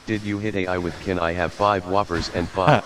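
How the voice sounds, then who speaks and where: A synthetic male voice reading out viewer messages in a flat, even way. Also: low voice, fairly quick. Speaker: text-to-speech reader of chat messages.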